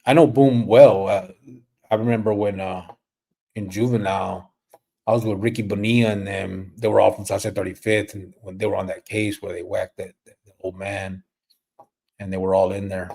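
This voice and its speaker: A middle-aged man hosting a casual livestream, rambling and relaxed, dropping Spanish slang as he reads comments. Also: lowish voice, normal speed, vocal fry. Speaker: livestream host.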